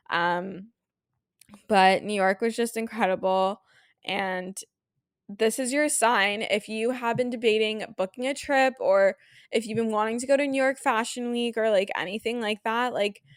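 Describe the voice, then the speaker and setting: A woman's voice: medium pitch, no room sound, clean studio sound. Teary young woman, podcast chat. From Canada. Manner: emotional, gushing, lots of "like" and "um". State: teary, near crying. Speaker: podcast host. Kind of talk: casual solo podcast chat.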